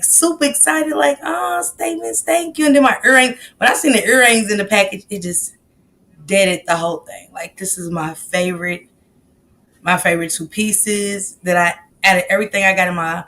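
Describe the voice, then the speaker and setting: A woman with a fairly low pitch hosts a casual live stream, chatting in a lively way and greeting viewers in the chat one by one by name.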